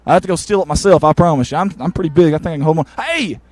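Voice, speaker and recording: A man, reporting from the sideline of a football field after a game and interviewing people with eager, warm praise. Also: a little high, rapid-fire, no room sound. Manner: excited, warm toward players, repeats "I'm gonna tell you something".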